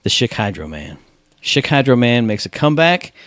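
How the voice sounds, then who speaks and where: A man's voice: medium pitch, very animated, normal speed, fairly bright tone, dry recording, studio quality. A man co-hosting a casual gaming podcast, laid-back and joking as he spins wild stories. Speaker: podcast co-host.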